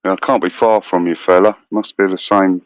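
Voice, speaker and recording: A middle-aged man rambles on a phone call, his voice on the low side. He stops and starts, fills gaps with "um," and swears freely. The sound is dry and close. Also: fairly even intonation, moderate pace, dry recording. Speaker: guest caller. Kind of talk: casual chat.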